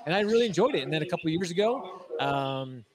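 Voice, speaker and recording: A man in his thirties, a guest telling his career story in a casual interview, excited and slangy with many fillers and restarts. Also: fairly high pitch, fast, crowd noise. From Utah, USA. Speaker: guest, agency founder.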